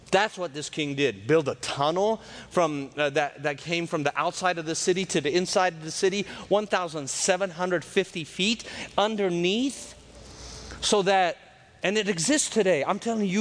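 A man preaching a folksy, joking sermon that swings between loud and soft and drops into character voices. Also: high-pitched. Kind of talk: lively sermon.

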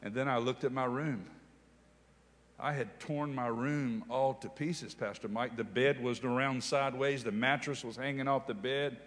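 A man preaching a sermon, telling his own story in an animated way that builds to loud, emphatic preaching. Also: medium pitch, normal speed, in a large hall. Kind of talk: sermon testimony.

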